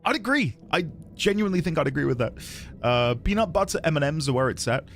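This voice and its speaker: Male streamer, animated mid-pitch voice, rambling friendly chat, faint music underneath. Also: fast. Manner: chatty, rambling, greets viewers by name. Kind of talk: casual chat with viewers.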